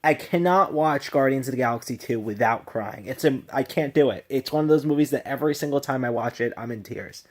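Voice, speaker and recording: A man's voice: medium pitch, brisk, few pauses. A tipsy man casually reviewing a film on his vlog, gushing and rambling with many restarts and laughs.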